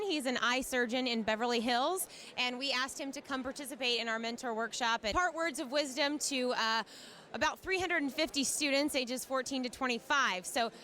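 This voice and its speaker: A woman with a high, bright voice asks guests about their day in an upbeat, encouraging way. She talks outdoors at a campus event. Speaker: interviewer. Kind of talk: event interview.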